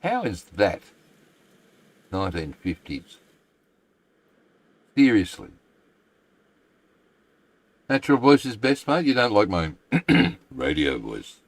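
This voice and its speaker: Deep-voiced rambling Australian man. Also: huge pitch swings, slow, long pauses, no echo, poor audio. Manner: rambling, chatty, self-deprecating. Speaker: game streamer. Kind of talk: casual live-stream chat.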